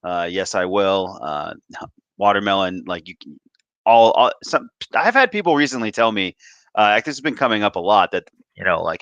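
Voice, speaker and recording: A man's voice: fairly low pitch, lively intonation, normal speed, a bit bright, no echo, muffled recording. A man co-hosting a casual podcast, rambling loosely and laughing easily between thoughts. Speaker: podcast co-host.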